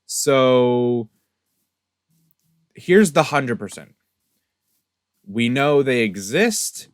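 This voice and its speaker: A young man casually recapping a game story, rambling with many fillers and restarts, jumping between excited high notes and soft asides. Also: very slow, no room sound, clean studio sound. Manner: rambling, filler-heavy, self-correcting; animated storyteller with sudden pitch jumps and soft asides. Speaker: Minecraft server player recapping lore.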